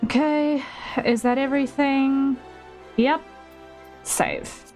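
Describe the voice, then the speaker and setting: A woman's voice: high voice, steady tone, slow, darkish tone, faint music behind. A woman game streamer chatting casually while playing, musing and thinking aloud with small repeats.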